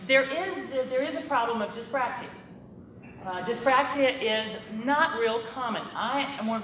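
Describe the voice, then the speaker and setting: A woman's voice: on the high side, a bit bright, slight background noise. A middle-aged woman, a psychologist, giving a conversational, emphatic lecture to teachers and speaking directly to the audience. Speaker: psychologist and presenter. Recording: echoey room, voice from far off.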